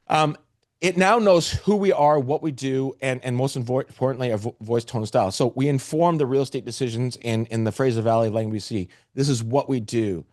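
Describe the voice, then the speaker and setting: A man's voice: medium pitch, fairly quick, a little mellow, no room sound, studio quality. A man presenting a live webinar, talking to the chat with energy and restarting phrases often.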